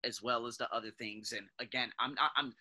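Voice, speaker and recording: A podcast host delivers a casual motivational monologue in a medium-pitched voice, talking a little fast and animatedly. He keeps addressing listeners as "guys" and frequently restarts his sentences.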